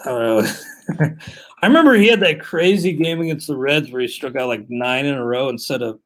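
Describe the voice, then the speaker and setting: A man co-hosting a sports podcast in casual chat, moving briskly through the rundown in a conversational way. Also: medium pitch, lively intonation, fairly bright tone. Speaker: podcast co-host.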